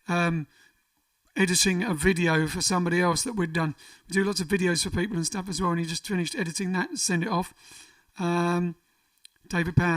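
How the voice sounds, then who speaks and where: A man's voice: high voice, fairly bright tone, recorded from a distance. A man hosting a casual livestream, reading out viewer comments in a jokey, rambling way. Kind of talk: casual chat. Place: home during lockdown.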